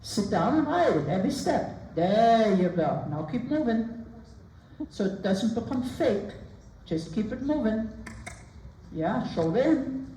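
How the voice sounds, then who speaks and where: Riding instructor lady calling out commands across an arena, lively up-and-down voice, far off and echoey. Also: on the high side, a little hiss or hum. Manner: brisk repeated commands and counting. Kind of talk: live coaching during a riding lesson. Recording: roomy, distant sound with faint ambience.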